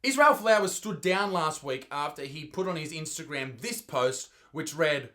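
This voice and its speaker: Brief: young Australian male comic host, sarcastic sweary rant, slightly high voice. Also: expressive, moderate pace, hardly any pauses, bright, forceful tone. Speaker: comedian host. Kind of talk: ranting comedic news commentary.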